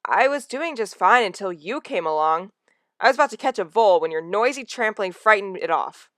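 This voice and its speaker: A woman's voice: mid-range voice, animated, a bit bright, dry recording, clean studio sound, pitched above the performer's own voice, close to an everyday voice. A woman voicing a young male apprentice cat who is bold, eager and playful. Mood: friendly. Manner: eager, quick to tease.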